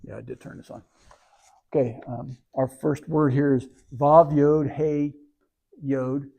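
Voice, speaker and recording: A man's voice: medium pitch, fairly even intonation, slow, vocal fry, muffled recording. A man leading a service, reading scripture and patiently walking through Hebrew words letter by letter. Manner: patient, spells out words sound by sound. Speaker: service leader and teacher.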